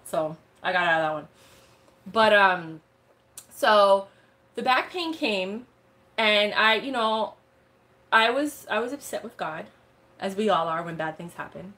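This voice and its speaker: A young woman talks casually to her livestream viewers in an animated, slang-filled way. Her voice sits at a middle pitch. She jumps between stories with lively asides. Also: measured pace, long pauses. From United States. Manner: chatty, animated storytelling with slang. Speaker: live sale host.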